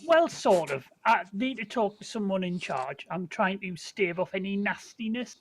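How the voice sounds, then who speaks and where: A man's voice: sits high, expressive, moderate pace. A man playing a tabletop role-playing game, bantering and slipping in and out of a put-on accent. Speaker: player.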